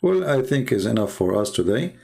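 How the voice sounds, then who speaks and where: A man's voice: mid-range voice, very animated, a little fast, gravelly, darkish tone. A man whose first language is Arabic, speaking English with an Arabic accent in sarcastic, mocking commentary full of fillers and restarts. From Arab world. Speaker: host. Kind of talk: mocking live-stream commentary.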